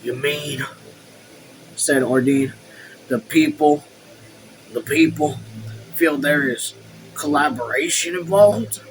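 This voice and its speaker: A man hosting a casual book read-along at home, reading the text and even the punctuation aloud, then breaking off into excited, swear-filled asides. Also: on the high side, slow, long pauses, slight background noise, poor audio. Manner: reads quotes and punctuation marks aloud. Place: his room at home.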